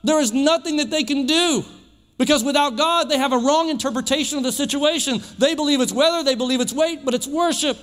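A man preaching a sermon in a church, emphatic and repetitive, building phrases up toward shouts. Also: extremely high pitch, fairly quick, in a large hall. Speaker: pastor. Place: church sanctuary.

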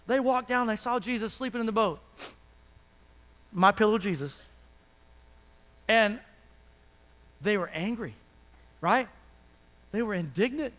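A male pastor delivers a sermon in a very high, bright, forceful voice. He keeps calling out questions to the congregation and swings between booming appeals and quiet asides. His voice rings out with a long reverb, as in a large church hall. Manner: calls out to the congregation, rhetorical questions, swings from loud to hushed.

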